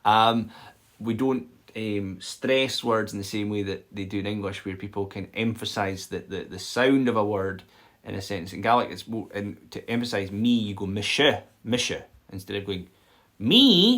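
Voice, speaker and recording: A man with a somewhat low voice teaches a loose, live-streamed language lesson. He talks in a chatty, explaining way and keeps checking in with his viewers. The sound comes from a simple home stream setup. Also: fairly even intonation, moderate pace, a bit bright. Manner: chatty and explanatory, many "okay?" check-ins and filler "um"s. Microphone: phone or built-in mic.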